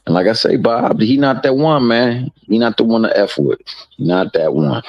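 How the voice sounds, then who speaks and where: A man's voice: mid-range voice, lively intonation, normal speed, dry recording, lo-fi sound. A man hosting a live fight watch-along, talking in casual slangy banter and repeating words while he thinks.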